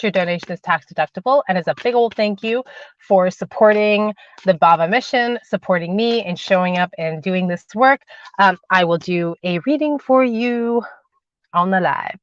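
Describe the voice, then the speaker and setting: A woman hosting a spiritual livestream and reading tarot, talking casually and warmly to viewers, repeating phrases for emphasis. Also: mid-range voice, moderate pace. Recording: dull, lo-fi, dry livestream audio.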